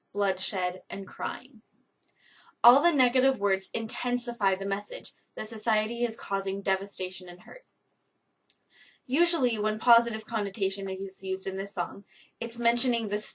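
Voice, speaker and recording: A woman student reading aloud a prepared presentation in a steady, careful way, now and then correcting a word. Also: a little high. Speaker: student presenting a song analysis. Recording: distant mic with faint music behind.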